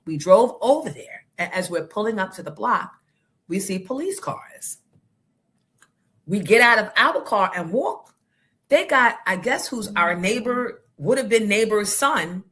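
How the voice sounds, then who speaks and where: A middle-aged woman hosting a morning radio show, telling stories in a blunt, profane, animated way. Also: mid-range voice, a little slow. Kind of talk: casual storytelling chat.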